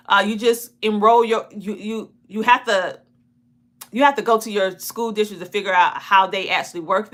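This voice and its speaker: A woman's voice: medium pitch, sharp tone. A woman with a Southern US country twang, chatting folksily about homeschooling on a talk show. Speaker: homeschooling parent guest. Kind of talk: casual talk show chat.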